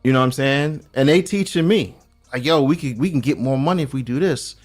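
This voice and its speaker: Animated New man telling stories. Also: medium pitch, a little fast, faint music behind. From Brooklyn, New York. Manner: animated storyteller, street slang, restarts a lot. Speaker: guest checking in from abroad. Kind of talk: casual podcast chat.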